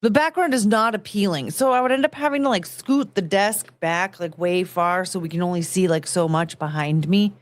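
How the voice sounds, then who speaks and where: This live streamer is a woman whose fairly low voice moves at normal speed with few pauses and no echo. Her casual chatter wanders and is full of self-mockery, and her greetings to chat rise in a sing-song way.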